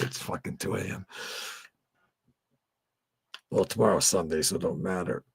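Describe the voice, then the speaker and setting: A low-voiced man with a gravelly, husky edge hosts a late-night live stream, chatting loosely and rambling from one thought to the next. He swears freely and keeps the talk casual and unscripted, and his voice sits close and dry, with no room sound around it. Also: fairly even intonation, moderate pace, pauses often, no echo. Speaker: host of a fan tribute channel.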